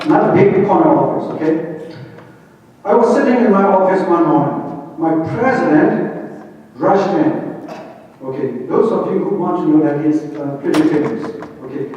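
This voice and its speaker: A man's voice: on the high side, dark tone. A middle-aged man with a Chinese accent gives a talk to an audience, telling work stories and asking rhetorical questions. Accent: Chinese-accented English. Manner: anecdotal, quotes his bosses, rhetorical questions. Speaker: conference speaker. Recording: distant, echoey hall, dull lo-fi sound.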